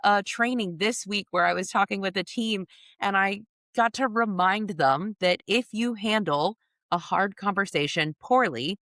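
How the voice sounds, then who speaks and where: A woman with a somewhat low voice co-hosts a casual podcast, telling lively stories and laughing often. Her sound is dry and close, with no room around it. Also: no room sound. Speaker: podcast co-host and coach. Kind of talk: casual conversational storytelling.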